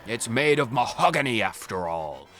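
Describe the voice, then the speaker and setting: A man voicing a stern, cruel old male ghost headmaster, talking in a slow, strained, menacing growl. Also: medium pitch, sing-song, fairly bright tone, soft background music.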